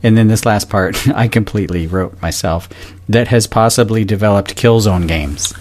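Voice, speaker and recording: A man's voice: on the low side, normal speed, a little mellow. A man co-hosting a casual gaming podcast, reading news items aloud with offhand asides.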